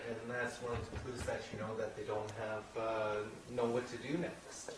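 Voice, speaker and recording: A man's voice: on the low side, flat delivery, moderate pace, roomy sound, background noise. A man in the audience chiming in with brief, agreeing remarks.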